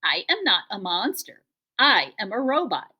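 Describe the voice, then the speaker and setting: A woman voicing a calm, polite female robot mother who speaks in formal, measured sentences. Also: mid-range voice, slightly rough, full character voice. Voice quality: gentle, formal, measured speech.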